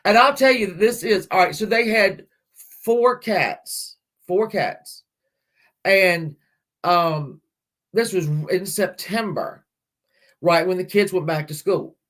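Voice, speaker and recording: A woman's voice: mid-range voice, a bit bright. A middle-aged woman hosts a casual livestream, talking straight to her viewers. She rambles from one story to the next, laughs a lot and lets a mild swear word slip now and then. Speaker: livestream host.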